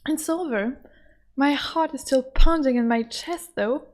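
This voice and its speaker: A woman's voice: high-pitched, unhurried, darkish tone, slight background noise. A woman streamer gushing over a story game, squealing and laughing often as she reacts. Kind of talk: let's-play commentary.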